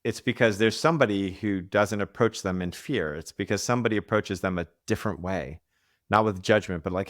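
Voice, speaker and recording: Deep gravelly guy coaching on a podcast, acts out other people's lines. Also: steady tone, normal speed, no room sound, studio quality. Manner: acts out quoted voices, frequent restarts. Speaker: executive coach. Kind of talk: podcast interview.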